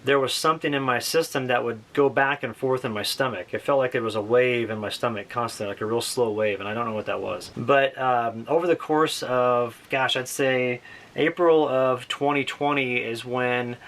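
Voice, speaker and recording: A man's voice: medium pitch, moderate pace, a bit bright. Plain-spoken man telling his story. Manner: rambling, plain-spoken, many restarts and "like". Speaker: outdoor vlogger telling his own story. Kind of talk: casual storytelling to camera.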